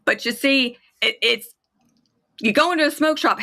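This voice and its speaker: A woman's voice: fairly high pitch, animated, normal speed, sharp tone. A woman angrily venting in casual chat, profane and worked up. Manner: angry, profane ranting. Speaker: kratom advocate on a livestream.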